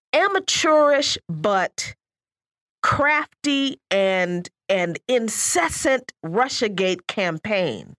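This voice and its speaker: This woman co-hosts a political talk radio show with an animated, emphatic delivery. Her pitch moves widely and expressively. The recording is dry and close, with no room sound. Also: dry recording. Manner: animated, emphatic, laughs mid-sentence.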